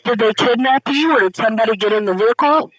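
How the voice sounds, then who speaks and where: A woman working as an emergency dispatcher, calmly and firmly questioning a caller step by step. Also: a little high, fast, slight background noise, rough recording. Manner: calm, firm, questioning step by step. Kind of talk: emergency call handling.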